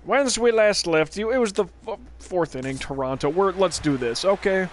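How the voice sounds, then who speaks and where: A man's voice: sits high, moderate pace, slight background noise. A man streaming a baseball game live, chatting casually and wandering off on tangents with plenty of swearing. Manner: rambling, profane, drifting off on tangents. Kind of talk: casual gameplay commentary.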